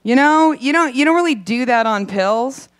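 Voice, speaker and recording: A young adult woman performing a brash, profane stand-up set, acting out quick voices in her asides. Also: high voice, expressive, no room sound. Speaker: stand-up comedian. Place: comedy club stage.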